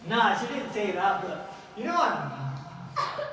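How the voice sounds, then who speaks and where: A man's voice: high-pitched, big pitch swings, moderate pace, sharp tone. Playful man talking to a kids' audience. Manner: playful, acts out dialogues, asks the kids questions. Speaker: youth speaker at a mosque. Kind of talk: lively talk to children. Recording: echoey hall, mic from a distance, audience noise.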